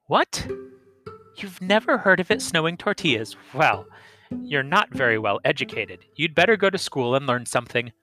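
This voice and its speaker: Man putting on a shrill scheming wife. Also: very animated, moderate pace, pushed and bright, soft background music. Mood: scolding. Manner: scolding, high and mocking. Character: sharp-tongued scheming peasant wife.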